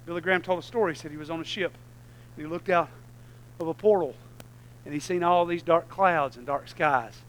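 A middle-aged man, preaching a sermon that swings between low conversational asides and loud, shouted passages. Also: a little fast, a little hiss or hum, rough recording.

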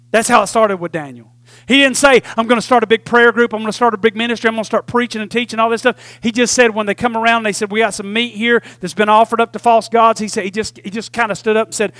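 A man's voice: high voice, steady tone, fast, a bit bright, no echo. A man, preaching a sermon in a folksy call-and-response manner. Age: 40s. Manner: call-and-response preaching, repeatedly asking "Amen?"; folksy Southern phrasing with "y'all". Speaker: pastor.

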